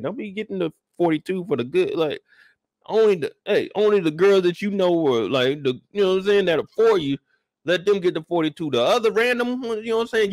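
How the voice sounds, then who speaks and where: A man's voice: high voice, darkish tone, no room sound, clean studio sound. A man ranting about a show in blunt, profane talk, acting out the scenes as he goes. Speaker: show reviewer.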